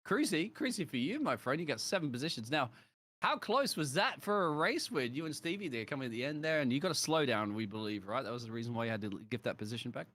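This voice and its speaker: A man's voice: medium pitch, lively intonation, fast, fairly bright tone. A man with an Australian accent, a race commentator interviewing drivers in jokey, matey banter. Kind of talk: joking post-race interview.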